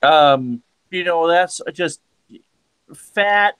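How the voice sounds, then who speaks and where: A man in his fifties chatting casually with blunt, fast-paced banter. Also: on the high side, a bit bright, smooth, no room sound. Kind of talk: casual chat.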